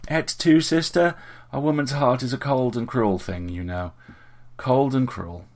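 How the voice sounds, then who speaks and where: A man reading an audiobook and voicing a lively, theatrical young soldier with a teasing, dramatic manner. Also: mid-range voice, fairly quick, pitched above the performer's own voice, lightly acted.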